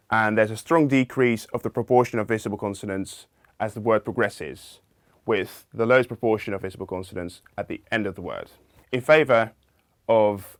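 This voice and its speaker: A man with a fairly low voice delivers a linguistics video lecture. He explains each point methodically and step by step. The sound is dry and close, with no room around it. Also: no room sound. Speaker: linguistics presenter.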